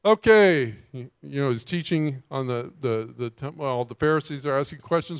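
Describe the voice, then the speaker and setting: A man preaching a sermon as a pastor, animated and emphatic, often putting rhetorical questions to his listeners. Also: mid-range voice, normal speed, few pauses, dry recording, clean studio sound.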